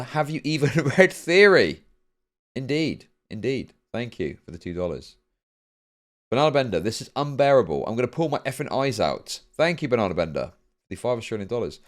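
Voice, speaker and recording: Brief: male streamer, mid-pitched voice, deadpan reading of donations, long rambling explanations. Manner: dry, repeats "indeed" flatly; explains at length with many fillers. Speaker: streamer reacting to a video.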